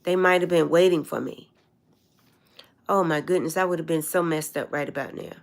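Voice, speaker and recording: A woman's voice: low voice, steady tone, moderate pace. An older woman hosting a casual livestream chat, telling long meandering stories and greeting viewers. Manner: rambling, meandering storyteller. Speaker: livestream host.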